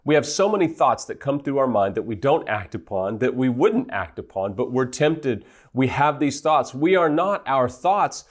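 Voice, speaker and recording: A man's voice: mid-range voice, big pitch swings, moderate pace, hardly any pauses. A man giving an earnest teaching talk as a recovery counselor, stressing his points in lists. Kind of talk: teaching monologue.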